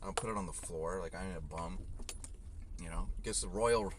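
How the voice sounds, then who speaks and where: A man's voice: low voice, fairly quick, very noisy. A delivery driver venting in a loose, rambling way full of swearing, recorded on a phone inside his car. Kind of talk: casual ranting vlog.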